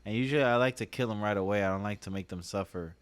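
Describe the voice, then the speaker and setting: A comedian with a fairly low voice races through stories in a casual podcast chat, laughing as he goes. He's laid-back and slangy, sprinkling his talk with "bro" and "dog."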